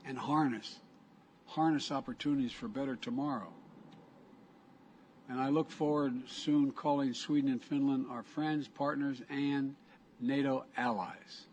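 A man in a middle register gives a measured formal address, repeating key words for weight. It plays as a clip with a faint noisy hiss behind the voice. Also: mid-range voice. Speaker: speaker at a podium. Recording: archive clip with faint noise.

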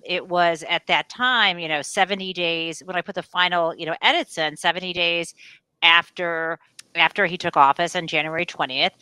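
A woman from the US Midwest, a guest author, explaining her points in an articulate, lively way. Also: fairly low pitch, clean tone, no room sound, rough recording. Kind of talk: interview answers.

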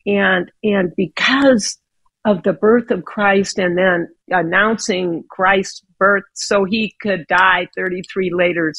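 A woman's voice: mid-range voice, slightly rough, dry recording, low-quality recording. A woman guest on a radio program giving an earnest devotional talk, often repeating words as she restarts. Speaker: guest speaker.

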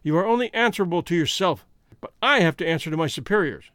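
A man's voice: high-pitched, animated, fast talker, fairly bright tone, no room sound, studio quality. A man voicing a worried, doubtful male police inspector who keeps questioning. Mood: anxious.

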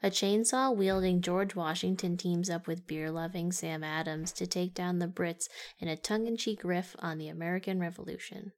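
A woman's voice: on the low side, steady tone, normal speed, few pauses. A woman co-hosting a casual movie podcast, giggly and amused by her own jokes. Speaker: podcast co-host. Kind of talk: casual movie-review chat.

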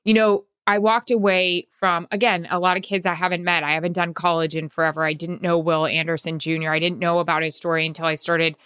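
A woman co-hosting a sports podcast, telling stories in an animated way and acting out the quotes. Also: on the low side, a little fast, hardly any pauses, clean tone, no echo, clean studio sound. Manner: animated storyteller, acts out quotes. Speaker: podcast co-host, sideline reporter. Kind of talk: casual chat.

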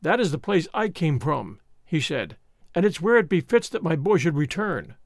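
A man voicing a dying schoolmaster father in an audiobook, speaking in a measured, grave way. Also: a little high, very animated, gravelly, no echo, studio quality. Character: dying Scottish schoolmaster father, steady, hopeful. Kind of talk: audiobook reading.

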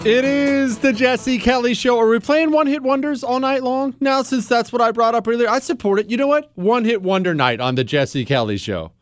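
Animated talk radio host, dry studio sound. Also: male voice, very high voice, brisk, few pauses, dry recording, soft background music. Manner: sarcastic, mocking, acts out quoted voices. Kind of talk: opinionated talk radio monologue.

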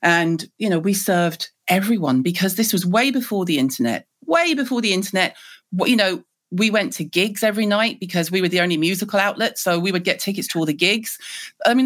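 A middle-aged woman from Liverpool with a Scouse accent, a guest telling lively stories in a podcast interview. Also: lowish voice, quick pace. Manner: lively, animated storyteller.

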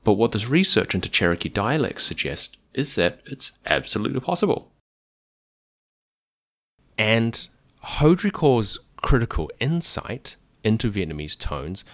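A man's voice: on the low side, fairly bright tone, dry recording. A man hosting a podcast, patiently explaining in a casual monologue, spelling out words and demonstrating sounds. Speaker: podcast host.

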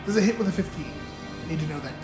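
A woman's voice: deep voice, lively intonation, very fast, reverberant, over music. A woman playing a tabletop game, playfully protesting and planning her moves. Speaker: player. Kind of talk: casual tabletop play.

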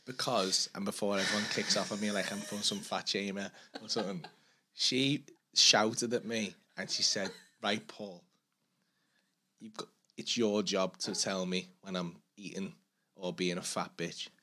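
Bloke on a podcast, casual chat, swears, acts out what people said. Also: male voice, lowish voice, pushed and bright. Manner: swearing, storytelling with quoted dialogue. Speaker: podcast co-host. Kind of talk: casual banter.

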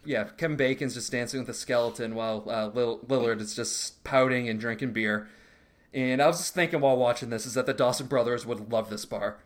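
A man's voice: medium pitch, a little fast. Guy recapping a movie, swears a lot, jokey, puts on voices. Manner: crude, joking recap with mocking quoted voices. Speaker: podcast co-host. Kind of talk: casual movie recap chat.

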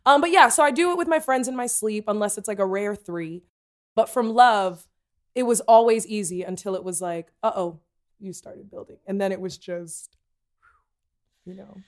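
A woman talking candidly in a casual conversation, animated and given to playful put-on voices. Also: mid-range voice, moderate pace.

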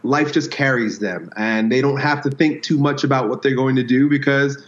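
A man's voice: medium pitch, moderate pace. A man, a strength coach, talking as an interview guest in a reflective way, explaining his ideas through metaphors and his own stories. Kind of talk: casual conversational interview. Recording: roomy, slightly dull sound.

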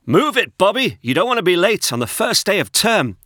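A cheerful family dad booms out his calls, as a man voices him in a children's storybook. The voice is raised and bright, close and dry. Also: very animated, normal speed, no echo. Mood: hurrying. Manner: booming, jolly calls.

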